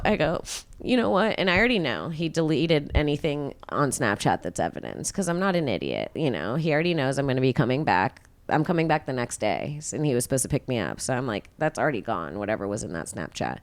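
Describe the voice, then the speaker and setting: A woman in her thirties hosting a podcast, telling a story casually and profanely, acting out quotes. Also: fairly quick. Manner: animated, profane, acts out quotes with big pitch jumps. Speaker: podcast host.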